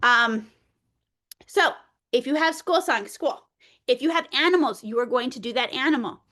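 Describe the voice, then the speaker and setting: A woman presenting an early childhood workshop, playful and animated, talking straight to the group like a teacher. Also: sits high, moderate pace.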